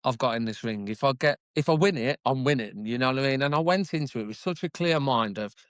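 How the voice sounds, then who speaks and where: A man's voice: mid-range voice, expressive, fast, fairly bright tone, smooth, dry recording. A British man in his forties telling his story as a podcast guest, chatty and self-deprecating, laughing often. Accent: British English. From United Kingdom. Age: 40s. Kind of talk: casual interview storytelling.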